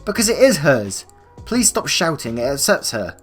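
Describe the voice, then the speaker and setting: A man's voice: a little high, big pitch swings, normal speed, a bit bright, slightly rough, faint music behind, voice pushed up, full character voice. A man voicing a worn-out young mother who pleads firmly in a read-aloud story. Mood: pleading.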